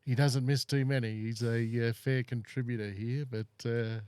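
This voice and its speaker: A man's voice: medium pitch, steady tone, moderate pace, a little mellow, clean tone, no echo. A man hosting a casual chat in a laid-back, easygoing way. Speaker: podcast host.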